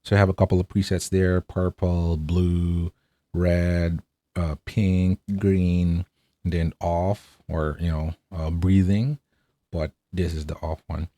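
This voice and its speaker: A man with a low, mellow voice talks through a product review in a loose, upbeat way. He tosses in fillers and keeps asking "right?". The sound is dry and close. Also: flat delivery, takes it slowly, dry recording. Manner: chatty, enthusiastic, fillers and rhetorical "right?". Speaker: tech reviewer.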